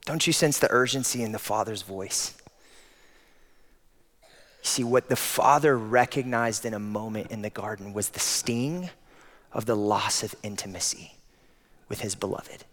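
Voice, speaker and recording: A man preaching a sermon, swinging from loud emphatic peaks down to soft, intimate passages. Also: fairly low pitch, a little slow, long pauses. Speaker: pastor. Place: church auditorium.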